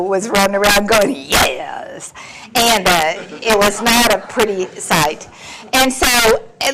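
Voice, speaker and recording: A woman's voice: medium pitch, poor audio. A woman in her sixties sharing her personal story at a recovery meeting, candid and wry, laughing often as she talks. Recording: recording with clear background noise.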